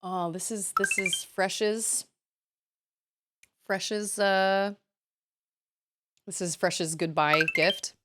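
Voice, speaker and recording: A woman's voice: mid-range voice, steady tone, drawn-out words, long pauses, a bit bright, faint music behind. A woman streamer chatting casually on a live stream, rambling a little and thanking viewers by name.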